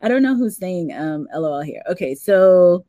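A woman's voice: on the low side, lively intonation, moderate pace, warm tone, no echo, dull audio. A woman co-hosting a casual livestream, reading out viewer comments and laughing often. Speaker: co-host reading live chat.

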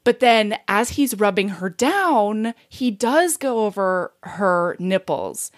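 A woman co-hosting a casual book-chat podcast, retelling a story in an animated, giggly way with plenty of filler words. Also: mid-range voice, slow. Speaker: podcast co-host.

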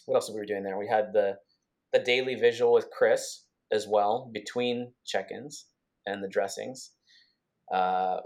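A man co-hosting a podcast, recounting events in a casual, rambling way with many restarts and quick bursts. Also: mid-range voice, darkish tone. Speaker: podcast co-host. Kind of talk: casual conversational storytelling.

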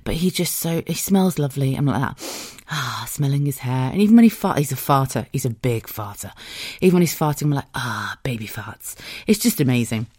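A woman's voice: sits low, lively intonation, fast talker, mellow, no room sound, clean studio sound. A woman in her thirties with a British accent, hosting a podcast as a casual, rambling monologue and swearing freely. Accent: British English. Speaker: podcast host.

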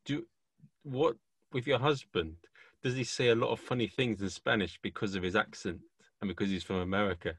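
A man hosting a podcast, asking his guest questions in a relaxed way and restarting sentences mid-thought. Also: on the low side, a little fast, slightly rough, no room sound. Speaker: podcast host. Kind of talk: casual interview.

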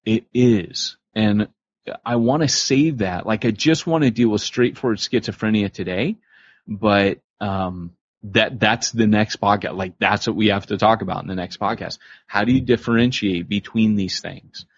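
A man with a low, husky voice talks casually on a podcast and acts out the voices he quotes with energy. The sound is dry and close. The recording is slightly muffled. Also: normal speed, no room sound. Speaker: podcast co-host.

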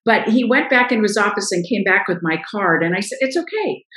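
A middle-aged woman, a guest in a casual interview, telling stories lively and acting out what others said. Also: mid-range voice, fast, roomy sound, poor audio. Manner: animated storyteller, acts out quoted voices.

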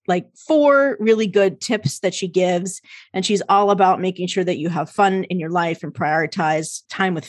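A woman's voice: medium pitch, no room sound, studio quality. A woman hosting a podcast, wrapping up an interview and reading an upbeat promo with frequent laughter. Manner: bubbly, laughs often, upbeat promo delivery. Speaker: podcast host. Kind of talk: casual interview wrap-up and outro.

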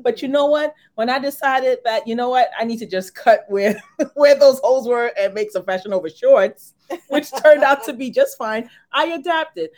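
Woman cohost, pretty high voice, keeps saying yes and right, tells chatty little stories. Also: normal speed, darkish tone. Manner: affirming, chatty storyteller with frequent "right" and "yes". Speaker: podcast co-host. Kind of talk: casual faith chat.

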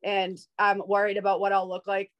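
An outgoing woman in her thirties, from Boston, is a guest on a video-call interview. She tells candid personal stories at a middle pitch and laughs often. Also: monotone, a little fast, highs cut off. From Boston, USA. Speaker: guest, sober bartender. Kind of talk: casual interview storytelling.

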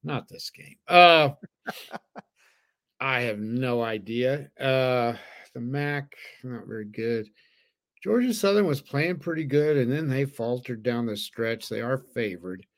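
A man's voice: medium pitch, expressive, measured pace. A man co-hosting a sports betting podcast, giving picks in an easygoing way and thinking aloud with fillers. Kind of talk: casual sports betting chat.

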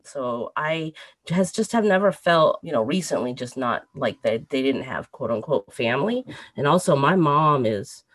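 A woman in her thirties telling a personal story in casual chat, animated and breaking into laughter. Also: very deep voice, moderate pace, no echo. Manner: animated storyteller, laughs through a sad tale.

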